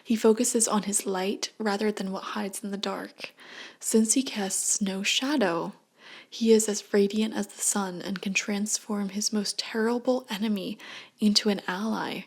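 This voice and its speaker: A woman giving a casual tarot reading at home late at night, talking in a hushed voice that often drops to a whisper, chatty and prone to tangents. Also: medium pitch, fairly even intonation, unhurried, breathy edge. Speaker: tarot reader.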